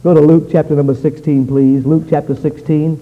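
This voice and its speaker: A man preaching a fiery revival sermon, swinging between loud pleading and low, intense warnings. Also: flat delivery, brisk, phone-quality sound.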